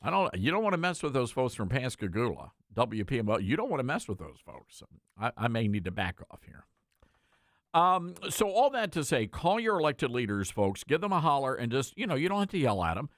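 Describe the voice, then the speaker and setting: A man's voice: medium pitch, sing-song, a little fast, a bit bright, no echo, clean studio sound. A man hosting an opinionated talk radio monologue, joking and folksy as he addresses his listeners. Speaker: talk radio host and station owner.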